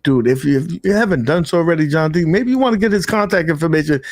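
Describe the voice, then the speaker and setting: Male podcast host, slightly high voice, loose slangy delivery. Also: animated, fast talker. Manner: loose, slangy, lots of fillers. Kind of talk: casual podcast chat.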